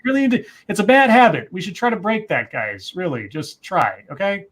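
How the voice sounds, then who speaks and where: A man's voice: high voice, huge pitch swings, fairly quick, a bit bright. A man co-hosting a livestream, reading news articles aloud and breaking in with asides and self-corrections. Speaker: co-host.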